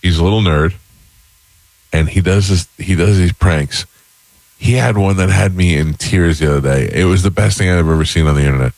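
A man hosting a morning radio talk show, telling stories in a relaxed and amused way and taking calls. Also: low-pitched, fairly quick, gravelly, dry recording. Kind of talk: casual radio chat.

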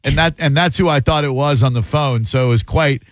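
A man's voice: medium pitch, a little fast, no room sound. A man hosting a call-in radio show, talking in a wry, joking and opinionated way into a studio microphone.

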